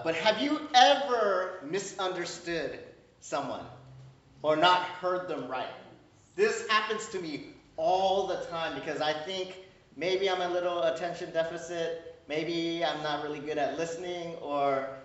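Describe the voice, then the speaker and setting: A man's voice: sits high, unhurried. Man preaching in an echoey hall. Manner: conversational, keeps asking "right?"; animated, acts out little dialogues. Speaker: pastor. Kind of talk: sermon. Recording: roomy echo, distant mic, dull sound.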